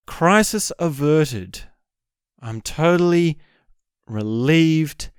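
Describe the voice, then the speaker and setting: A man hosting a podcast, telling an embarrassing personal story with candid, self-deprecating humor. His voice is smooth and clear, at an ordinary pitch. The sound is dry and close. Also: dry recording. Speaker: podcast host. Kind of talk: storytelling monologue.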